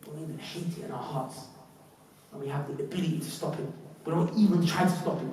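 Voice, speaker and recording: A young man preaching a sermon, animated, acting out quotes and rising to shouts. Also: a little high, quick pace, slight background noise. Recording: echoey hall, far from the mic.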